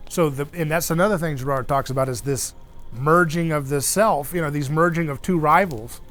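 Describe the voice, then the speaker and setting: A man hosts a casual fireside discussion, his voice pitched a little high. He talks in an animated way, slipping into the voices of the people he quotes. Faint music plays in the background. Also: brisk. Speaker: host. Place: around an outdoor fire.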